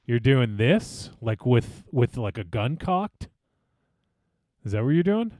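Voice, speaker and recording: A man's voice: medium pitch, slow pace, dry recording, studio quality. A man hosting a podcast, bantering casually with plenty of swearing and laughter. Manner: animated, swearing, laughs often. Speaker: podcast host.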